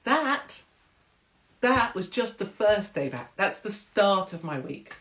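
A woman in her forties chats to her livestream viewers. She tells stories in an animated way and acts out the other people's voices. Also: mid-range voice, slow. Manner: chatty, animated storytelling with acted-out voices. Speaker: livestream host. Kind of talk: casual chat to live viewers.

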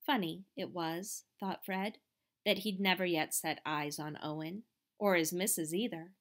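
A woman narrating an audiobook in a measured, expressive reading voice. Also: lowish voice. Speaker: audiobook reader.

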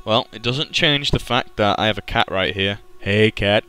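A man's voice: on the low side, normal speed, pushed and bright. A young man doing casual let's-play commentary, goofy and rambling, with heavy swearing. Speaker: gaming commentator. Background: game music faint.

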